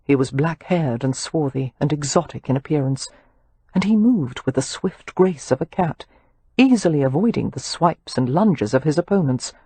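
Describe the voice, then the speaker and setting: A woman narrates an audiobook with expressive storytelling. Her voice sits low and sounds husky, at a moderate pace, in a dry recording.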